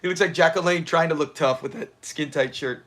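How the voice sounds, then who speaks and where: A man's voice: fairly high pitch, fairly quick, fairly bright tone, slight background noise. A man hosting a livestream watch party, chatting casually, answering viewers and laughing often. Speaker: livestream host.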